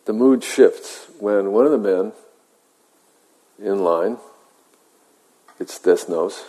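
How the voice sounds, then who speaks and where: A man, a meditation teacher, telling a story in a measured, reflective way with halting pauses, in a meditation hall. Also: lowish voice, warm tone. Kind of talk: dharma talk storytelling. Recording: long hall reverb.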